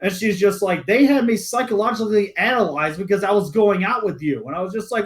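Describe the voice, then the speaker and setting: Young man, high voice, profane storytelling, casual podcast chat. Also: quick pace, few pauses. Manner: animated, profane, acts out quoted voices. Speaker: podcast co-host.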